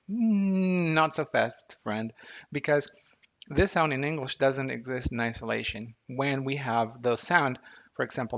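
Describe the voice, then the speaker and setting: A man's voice: mid-range voice, creaky, fairly bright tone, muffled recording. Chatty man teaching pronunciation. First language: Portuguese. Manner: chatty, demonstrates vowel sounds slowly. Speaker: language teacher. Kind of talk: casual video lesson.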